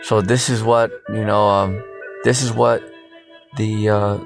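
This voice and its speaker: A man with a fairly low voice preaches in a loose, rambling way, packing his talk with "you know" and street slang. Music plays clearly underneath his voice. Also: flat delivery, slow pace. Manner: slang-laced, blunt. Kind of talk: informal scripture commentary. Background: music playing underneath.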